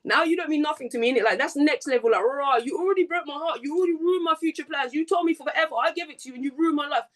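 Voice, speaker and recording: A woman in a casual podcast conversation, her voice high and her words tumbling out fast. She rambles through a heated, profane story, full of fillers and restarts. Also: a bit bright. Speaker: guest.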